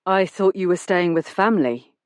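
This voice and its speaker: A woman's voice: on the low side, expressive, normal speed, no echo, clean studio sound, close to an everyday voice. A woman voicing a charming, clipped, reserved male detective inspector in an audiobook.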